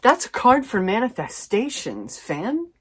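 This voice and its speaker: A woman's voice: a little high, huge pitch swings, measured pace, slightly rough. A woman giving a casual intuitive tarot reading to her viewers, chatty and informal, with mild swearing. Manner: chatty, swears mildly, laughs, addresses viewers as fam. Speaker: tarot reader.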